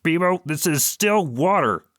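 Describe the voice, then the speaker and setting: A petulant young crewman whines in a strained, high, pinched voice, as a male audiobook narrator puts him on. The sound is close and dry, with no room around it. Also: animated, unhurried, fairly bright tone, no room sound. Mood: whiny. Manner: whiny, complaining.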